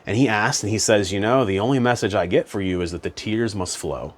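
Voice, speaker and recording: A man's voice: on the low side, brisk. A man talking as a spiritual self-help coach in a casual, conversational monologue, often saying "you know" and "man".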